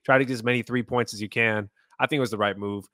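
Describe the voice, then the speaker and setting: A man's voice: medium pitch, fairly even intonation, fast, a bit bright, no room sound, clean studio sound. A man co-hosting a sports podcast, giving his opinions in casual chat. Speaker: podcast co-host.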